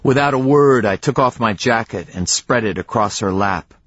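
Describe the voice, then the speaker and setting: A man narrating a novel in the first person, measured, with dramatic pauses, in a dry, slightly dull audiobook recording. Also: on the low side, dry recording.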